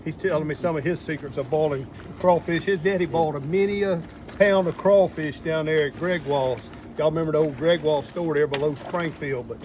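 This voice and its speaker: A man, talking viewers through a crawfish boil outdoors in a folksy, step-by-step way. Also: on the high side. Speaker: cook showing a crawfish boil. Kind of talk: casual cooking demonstration. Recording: loud outdoor noise.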